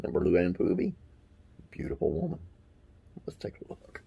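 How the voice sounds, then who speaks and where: A man's voice: low voice, very animated, moderate pace, creaky, husky, lo-fi sound. A man hosting a classic TV trivia channel, reading facts aloud and wandering into folksy, rambling asides with religious sign-offs.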